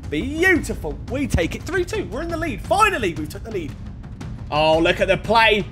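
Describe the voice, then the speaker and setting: A young man giving excitable commentary on his own football video game match, shouting at big plays. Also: high-pitched, moderate pace, soft background music. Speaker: gaming YouTuber. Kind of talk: gameplay commentary.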